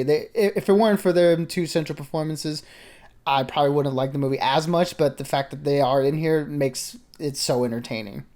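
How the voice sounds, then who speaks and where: A man's voice: on the high side, darkish tone. An American man co-hosting a casual film review, agreeing often and repeating his words as he talks. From United States. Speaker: podcast co-host.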